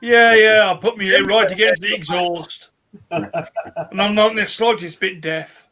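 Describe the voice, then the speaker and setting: A man's voice: high-pitched, steady tone, unhurried, bright, forceful tone. A British man in casual chat with friends, making cheeky, crude jokes. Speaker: hangout participant.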